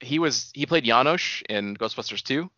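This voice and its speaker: A man's voice: medium pitch, moderate pace, no room sound. Podcast co-host, male, casual and rambling, dry close sound, slightly dull audio. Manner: animated, rambling, laughs often. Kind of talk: casual chat about movies.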